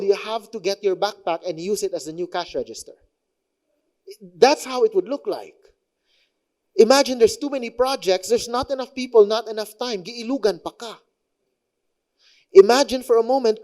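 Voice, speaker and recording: A man's voice: high-pitched, moderate pace, darkish tone. A young man with a Filipino accent preaching a sermon in a chatty, conversational way, mixing in local phrases. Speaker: pastor.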